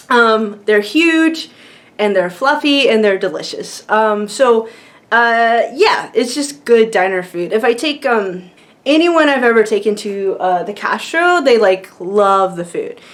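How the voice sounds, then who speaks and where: A woman's voice: fairly high pitch, expressive, unhurried. A woman vlogger chatting casually to camera, rambling with lots of fillers and frequent laughs.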